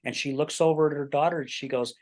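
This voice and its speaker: A man's voice: fairly high pitch, fairly even intonation, quick pace, a little mellow. Earnest man in his sixties, hosting. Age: 60s. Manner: earnest storytelling with many repeated starts and "right?". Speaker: podcast host. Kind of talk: casual interview chat.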